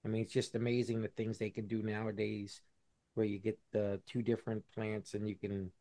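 A man's voice: lowish voice, level tone, fairly quick, mellow. Man co-hosting a casual podcast. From Buffalo, New York. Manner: explanatory, many fillers and restarts. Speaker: podcast co-host. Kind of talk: casual chat.

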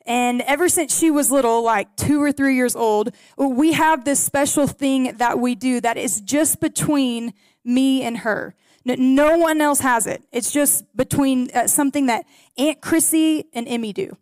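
A woman preaching a sermon to a gathered congregation, earnest and story-driven, praying softly between readings. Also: high voice, unhurried, no room sound. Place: in a room with a gathered audience.

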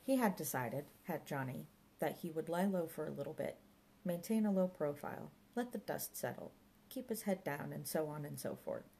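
A woman narrating an audiobook in a measured storytelling manner. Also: low voice, expressive, creaky, dark tone, a little hiss or hum, poor audio.

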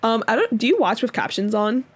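A woman's voice: fairly high pitch, very animated, a little fast, slightly rough. Chatty young woman podcast host. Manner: chatty, lots of fillers and laughs. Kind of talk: casual chat.

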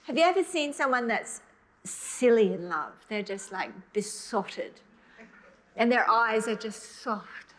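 Preaching with a fairly high pitch and lively intonation, this middle-aged woman sounds earnest and emotional. She charges forward in quick bursts, then slows down to linger softly on key points.

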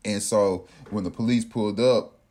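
A man casually telling a personal story in an animated, profane way, acting out what others said. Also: fairly low pitch, moderate pace. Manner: animated, profane, acts out quotes.

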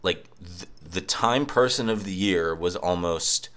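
Speaking into a cheap microphone in his apartment, a young man rants casually, his words carrying a profane, sarcastic edge. His voice is deep and a bit bright, and he takes his time.

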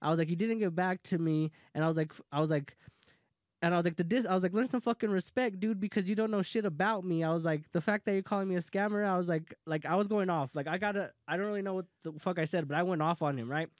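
A young man casually telling a heated story among friends, profane and animated, often laughing. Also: on the high side, fast, dry recording, clean studio sound.

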